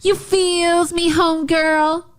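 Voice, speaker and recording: A woman putting on a mocking, drawn-out impression of a female politician's slangy speech, stretching each phrase into a sing-song. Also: extremely high pitch, flat delivery, voice pushed up.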